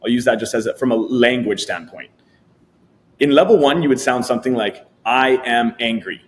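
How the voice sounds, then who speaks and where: Speaking at a moderate pace in a middle pitch range, a man appears as a guest coach on a podcast in explanatory interview talk. He walks through ideas step by step, slipping into lively, acted-out inner voices to illustrate his points.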